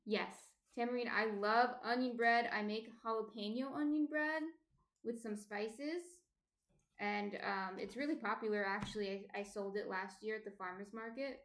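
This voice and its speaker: A baker from New Jersey streams a sourdough tutorial, chatting casually as she explains each bread-shaping step and greets viewers by name. Her medium-pitched voice is steady and fairly bright, at normal speed, with a roomy sound.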